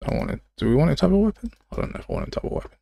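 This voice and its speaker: A man's voice: fairly high pitch, huge pitch swings, rapid-fire, vocal fry, breathy edge, no echo, dull audio. A young man streaming game development live, chatting casually with viewers and calling them mate and pal. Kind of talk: live coding stream chat.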